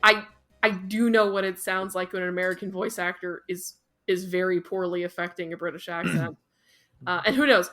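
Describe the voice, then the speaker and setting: A woman co-hosting a podcast in casual chat, talking in quick, sardonic asides. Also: on the low side, fairly even intonation, fairly bright tone. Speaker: podcast co-host.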